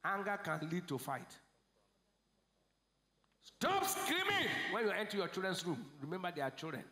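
Nigerian male pastor, high voice, call-and-response sermon, roomy hall. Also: sing-song, moderate pace. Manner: call-and-response preaching, swings from shouts to low asides. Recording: echoey church hall.

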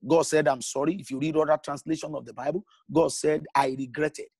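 A man preaching a sermon as pastor, emphatic, with big swings in pitch and pace and halting restarts when explaining. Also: steady tone, vocal fry, darkish tone, slightly rough, no echo.

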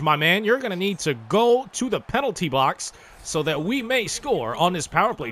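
Excitable high-voiced gamer guy. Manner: excitable, swears casually, talks to players on screen. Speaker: gaming YouTuber. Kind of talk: live gameplay commentary.

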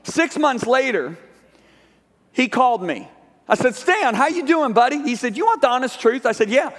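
Male guest preacher, higher register, animated storyteller voicing both sides of the dialogue, live church hall reverb. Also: normal speed. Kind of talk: sermon storytelling. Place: large church sanctuary.

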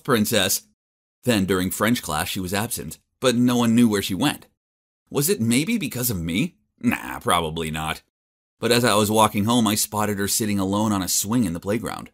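A man narrating a first-person story as an awkward, nerdy teenage boy, animated and exasperated. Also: lowish voice. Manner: animated, exasperated, self-mocking.

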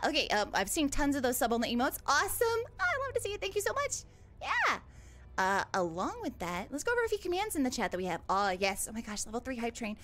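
A bubbly, sweet young huntress girl chatting live on stream. Her high voice bounces all over the place, full of excited squeals. The delivery stays playful and animated throughout. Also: full character voice. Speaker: VTuber streamer. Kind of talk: live-stream chat in character.

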